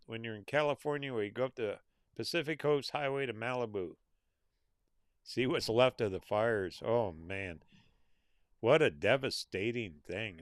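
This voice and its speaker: A middle-aged American man hosts a casual livestream, reading out viewer names and comments in an easygoing, folksy way. His voice is fairly low, recorded at studio quality with no echo.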